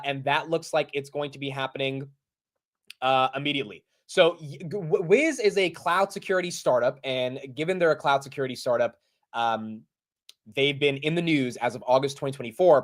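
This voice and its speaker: A young man hosts a live stream in a loose, chatty way, calling out viewers by name. His talk is casual and full of filler words like "dude" and "like". He sounds relaxed and familiar with his audience. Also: mid-range voice, moderate pace. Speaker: host of a live stock market show. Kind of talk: casual livestream chat.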